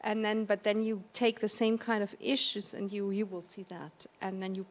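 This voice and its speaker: A woman moderating an onstage conversation, speaking hesitantly with many pauses and restarts. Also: medium pitch, flat delivery. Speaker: conference moderator. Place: theatre stage.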